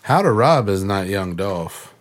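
Lowish male voice, deadpan, blunt, everyday chat. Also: a little slow. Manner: dry, deadpan, blunt complaining. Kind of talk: casual chat.

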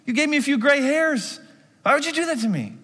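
A shrill, high-pitched worried mother scolds and pleads with her lost son, exasperated, as a male preacher puts her on. Her voice rings out with the long reverb of a large hall. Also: lively intonation, a little fast, bright, forceful tone, heavily acted.

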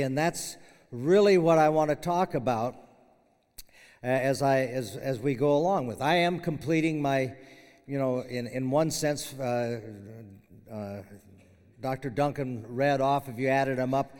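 A man's voice: mid-range voice, measured pace, darkish tone, smooth. An older man, a retiring professor, giving a conversational farewell chapel sermon with frequent fillers and restarts. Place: university chapel hall. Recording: long hall reverb.

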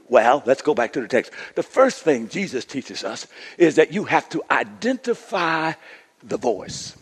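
High, bright-voiced preaching man. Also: lively intonation, measured pace. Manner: call-and-response preaching, rising to shouts. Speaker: pastor. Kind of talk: sermon.

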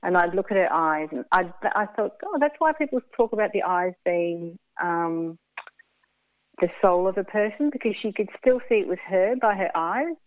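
A woman telling a hard personal story in an interview, frank and blunt, halting with fillers and restarts. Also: fairly low pitch, animated, dry recording. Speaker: interview guest. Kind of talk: candid emotional storytelling. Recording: phone-like dry line.

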